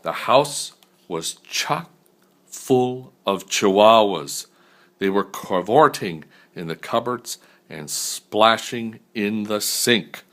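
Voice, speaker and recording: An older man, a grandfather, reading a picture book aloud in an unhurried, expressive way. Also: lowish voice.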